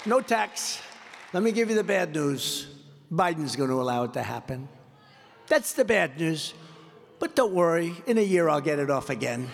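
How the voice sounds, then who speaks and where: An older man with a gravelly, fairly high voice works a rally crowd off the cuff. He rambles, repeats himself and boasts through his stories. His voice rings with long reverb from a large hall. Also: lively intonation, normal speed, slight background noise. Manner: rambling, repetitive, boastful storytelling. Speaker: political candidate at a rally. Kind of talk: off-script campaign rally speech. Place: large indoor rally venue.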